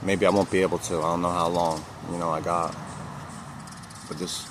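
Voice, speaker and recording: Man, fairly low voice, casual storytelling vlog, emphatic repeats, slangy, noisy background with vehicle sounds. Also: little pitch movement, normal speed. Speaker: vlogger.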